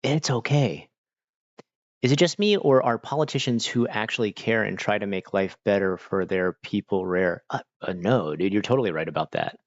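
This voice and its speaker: A man's voice: lowish voice, moderate pace, no echo, muffled recording. A young man from Florida chatting casually on a livestream from home, reading chat and reacting with lots of fillers. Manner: chatty, animated when quoting people, many fillers. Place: home room.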